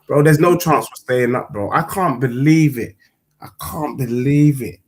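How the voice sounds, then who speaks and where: A man trades banter as co-host of a casual football chat. His voice sits at an ordinary middle pitch, and he talks in slang while calling out viewers by name. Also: moderate pace. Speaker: co-host and fan pundit.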